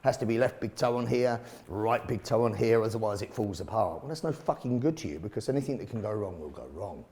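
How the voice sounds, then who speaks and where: A man's voice: on the low side, lively intonation, quick pace, hardly any pauses, darkish tone. A man explaining a self-defence drill, blunt and casual, with the odd swear word. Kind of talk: instructional commentary.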